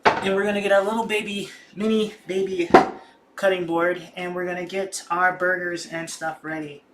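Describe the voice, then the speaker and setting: A young adult livestream host who chats casually and excitably while cooking in a home kitchen. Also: mid-range voice, normal speed, heavy background noise. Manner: excitable, chatty, slangy.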